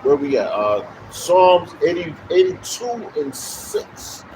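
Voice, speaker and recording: A man preaching on the street, emphatic and repetitive, with loud bursts. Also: fairly high pitch, lively intonation, takes it slowly, noisy background. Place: outdoors on a street.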